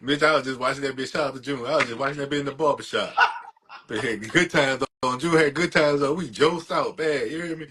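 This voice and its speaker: A man's voice: mid-range voice, fairly quick, noisy background. A man co-hosting a podcast, talking in a slangy drawl with short, emphatic reactions. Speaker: podcast co-host. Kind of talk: casual chat.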